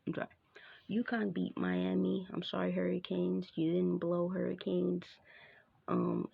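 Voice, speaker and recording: A woman's voice: fairly low pitch, vocal fry, slightly rough, lo-fi sound. A woman hosting her own basketball show, chatting casually through a sports recap with lots of fillers and asides.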